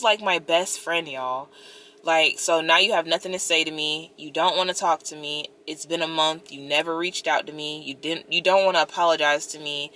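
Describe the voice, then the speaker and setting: A young woman vlogging about heartbreak in a casual, chatty way, her voice bright and forceful while sitting a little low for a woman. She talks straight to her viewers and fills her sentences with "like" and "you know.". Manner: expressive, talks to viewers directly, many "like"s. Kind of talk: casual storytime vlog.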